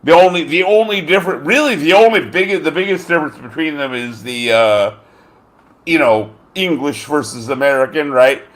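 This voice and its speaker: A man's voice: on the high side, lively intonation, normal speed, a bit bright. A man hosting a casual chat, rambling and swearing, often groping for names with lots of fillers. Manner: rambling and profane, gropes for names with many fillers. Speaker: podcast host.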